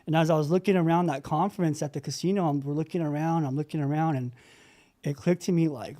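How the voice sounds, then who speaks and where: A man's voice: on the high side, quick pace, mellow. Earnest rambling man on a video call. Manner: earnest, rambling, many fillers and restarts. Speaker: meeting participant sharing. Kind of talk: heartfelt recovery share on a video call.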